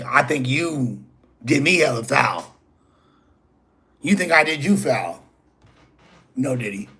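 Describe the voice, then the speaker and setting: A man with a fairly high, breathy-edged voice hosts his own channel. He addresses a rival directly in a rambling, profane, casual monologue full of "bro" and "you feel me."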